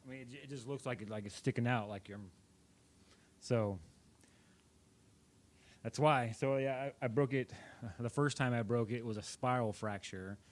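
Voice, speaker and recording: A young man chats to the camera in a loose, rambling way, circling back and correcting himself as he goes. His voice sits at an ordinary middle pitch for a man. He sounds like a casual vlogger telling a story. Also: moderate pace, long pauses. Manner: rambling, self-correcting, chatty.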